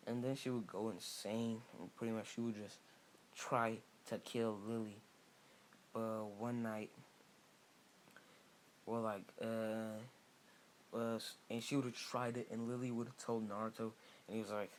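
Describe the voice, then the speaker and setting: A man's voice: on the low side, flat delivery, moderate pace, a little hiss or hum. A man casually improvising a fan-fiction story aloud, rambling with many restarts and fillers.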